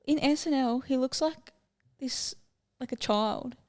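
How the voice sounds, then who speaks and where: A woman's voice: sits high, measured pace, a little mellow. A young woman co-hosting a podcast, chatting casually and rambling from one topic to the next. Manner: chatty, rambling, easily sidetracked. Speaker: podcast co-host. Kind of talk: casual chat.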